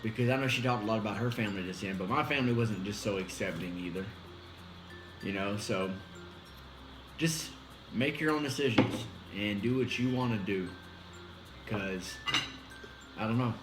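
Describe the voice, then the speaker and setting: Easygoing husband in an echoey room. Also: male voice, fairly low pitch, normal speed, pauses often, over music. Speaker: vlogger, husband. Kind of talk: casual chat.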